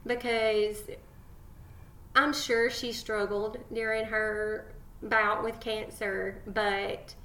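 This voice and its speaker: A woman's voice: medium pitch, flat delivery, extremely slow, bright, forceful tone, echoey room. A woman co-hosting a faith podcast, talking earnestly and affectionately about past guests. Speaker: podcast co-host. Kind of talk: casual faith podcast chat.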